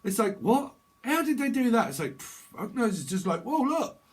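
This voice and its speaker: A man's voice: high-pitched, big pitch swings, moderate pace. A man giving a rambling, jokey tarot reading, laughing often between his thoughts. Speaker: tarot reader. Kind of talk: casual tarot reading monologue.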